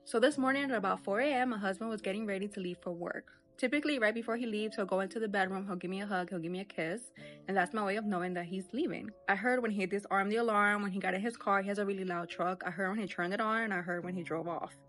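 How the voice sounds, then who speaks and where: A woman's voice: medium pitch, quick pace, a bit bright, soft background music. A woman outdoors telling a personal encounter in a conversational way, with many fillers. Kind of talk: personal storytelling.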